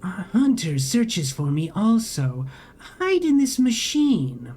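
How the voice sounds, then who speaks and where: A player reading a narrative game aloud, voicing a cryptic vending machine in slow, halting, broken phrases. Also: medium pitch, very animated, a little mellow, slight background noise. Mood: urgent. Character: eerie multitonal vending machine, cryptic and urgent.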